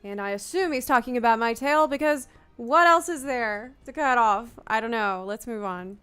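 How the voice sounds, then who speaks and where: Woman streamer, a touch high-pitched, wry deadpan humor, off-the-cuff game commentary over faint music. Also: normal speed, clear, resonant tone. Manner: wry, playful, deadpan jokes. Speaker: streamer touring a game world.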